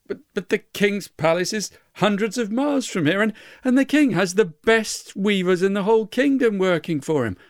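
A man voicing a desperate, anxious provincial weaver who shouts and pleads. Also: high-pitched, expressive, drawn-out words, hardly any pauses, no echo, studio quality, pitched above the performer's own voice, full character voice.

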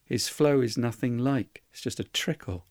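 A man's voice: medium pitch, moderate pace, darkish tone, dry recording, studio quality. A man telling a folk tale in an earnest, conversational way with folksy asides. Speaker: storyteller. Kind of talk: oral storytelling.

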